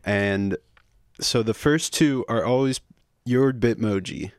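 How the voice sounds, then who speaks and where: A young man co-hosting a casual podcast, with dry deadpan asides. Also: fairly low pitch, takes it slowly, smooth, no echo. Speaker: podcast co-host. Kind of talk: casual chat.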